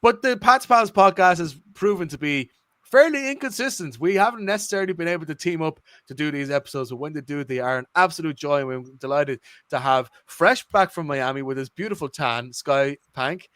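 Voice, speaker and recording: A man with an Irish accent co-hosting a casual sports podcast, chatty and full of quick restarts. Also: fairly high pitch, expressive, fairly bright tone, no echo, clean studio sound. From Ireland. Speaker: podcast co-host.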